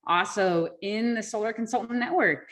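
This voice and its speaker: A woman's voice: on the high side, normal speed. A woman hosting an online sales forum over a video call, upbeat and encouraging as she reads questions and thanks her guest. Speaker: forum host. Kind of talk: casual online meeting talk.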